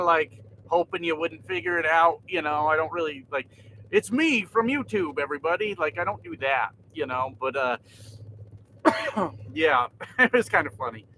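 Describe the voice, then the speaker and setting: A man's voice: a little high, sharp tone, a little hiss or hum, low-quality recording. A man chatting casually to viewers from his truck cab, laid-back, swearing often and laughing a lot. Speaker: trucker vlogger. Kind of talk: casual livestream chat.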